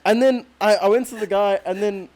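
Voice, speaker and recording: A man's voice: high voice, fairly even intonation, brisk, a little mellow. A young man, co-hosting a podcast in casual chat, laughing often and poking fun at himself. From South Africa. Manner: laughs often, self-deprecating. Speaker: podcast co-host.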